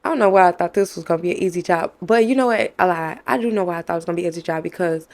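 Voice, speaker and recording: In a very fast, conversational delivery, a young faith vlogger tells "y'all" a candid story from her life, acting out the things people said to her. Her pitch is fairly low, and her intonation stays fairly even.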